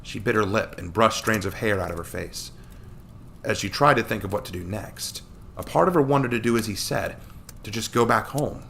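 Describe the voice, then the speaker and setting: Male storyteller, low and gravelly but bright-toned, steady reading-aloud delivery. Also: moderate pace, slight background noise. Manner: steady, plain narration.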